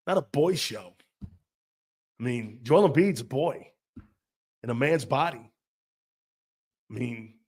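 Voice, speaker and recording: A man hosting sports talk radio, ranting in a brash, profane way and laughing between his jabs. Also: medium pitch. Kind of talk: opinionated sports radio rant.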